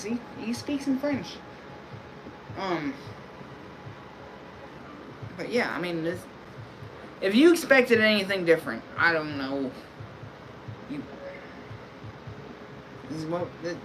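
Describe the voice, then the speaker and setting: A man streaming live chats casually with his audience in a loose, rambling, crude and laid-back way. His high voice is expressive and slow, with frequent pauses, over a noisy background.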